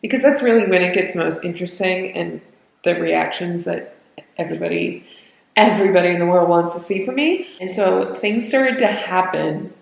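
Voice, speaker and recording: A woman's voice: fairly low pitch, gravelly, roomy sound, low-quality recording. A young woman in her twenties recording a casual book reaction vlog at home, chatty and emotional, often laughing between lines. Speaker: book vlogger. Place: home room. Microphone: camera at close range.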